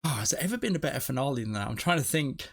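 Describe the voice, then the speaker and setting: A man's voice: medium pitch, big pitch swings, very fast, creaky. A man hosting a TV reaction video, talking casually and emotionally as he thinks aloud, often restarting his sentences. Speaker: TV reaction channel host.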